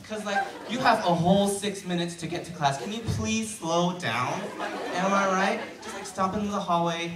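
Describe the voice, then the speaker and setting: A man's voice: on the high side, very noisy. A teenage male student doing a chatty, self-deprecating stand-up comedy routine in a school auditorium, with many fillers. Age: late teens. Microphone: handheld mic on stand, heard from far. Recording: echoey hall from far off, loud crowd. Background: loud crowd laughter.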